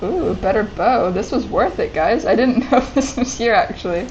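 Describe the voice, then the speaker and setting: Chatty excitable woman streamer. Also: medium pitch, normal speed, muffled recording, a little hiss or hum. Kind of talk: casual gameplay commentary. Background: game music.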